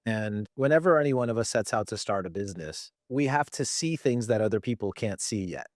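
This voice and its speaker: A man's voice: lowish voice, lively intonation, fairly quick, no echo, clean studio sound. A man hosting a podcast, reflecting thoughtfully before he puts a question to his guest. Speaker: podcast host. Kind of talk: interview questions.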